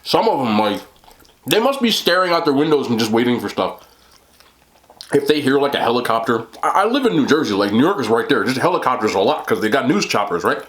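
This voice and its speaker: Eating-show host, a man chatting loosely between bites, lively up-and-down voice. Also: mid-range voice, quick pace. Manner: rambling, full of "like" and "you know". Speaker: mukbang host. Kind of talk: casual chat while eating.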